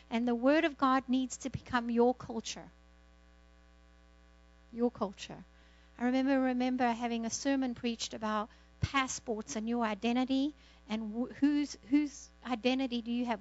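A woman's voice: a little high, fairly even intonation, normal speed, highs cut off. A woman pastor exhorting a congregation and praying, fervent, repeating words and saying amen often. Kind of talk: church exhortation and prayer.

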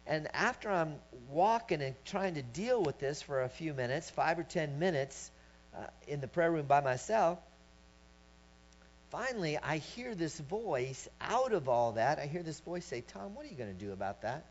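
A man preaching a sermon, telling a personal story and rising to loud shouts as he acts it out. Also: on the high side, animated, unhurried. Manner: storytelling, swelling to shouts when acting out his story. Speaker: pastor. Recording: dull lo-fi recording with mains hum.

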